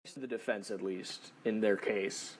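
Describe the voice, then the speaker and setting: A man hosting a political podcast, talking in quick rambling bursts. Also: lowish voice, steady tone. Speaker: podcast host.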